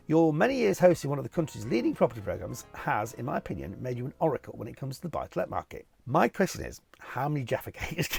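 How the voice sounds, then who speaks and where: Gravelly cheerful middle-aged man. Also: mid-range voice, sing-song, quick pace, hardly any pauses, a little mellow, no echo. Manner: cheerful and jokey, reads out questions then answers chattily. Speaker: TV property presenter answering viewer questions. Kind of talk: casual Q&A video.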